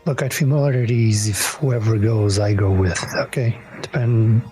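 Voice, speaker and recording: A man's voice: lowish voice, fairly even intonation, unhurried, dark tone, soft background music. A man playing a tabletop game, talking hesitantly and casually. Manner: hesitant, chatty. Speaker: player.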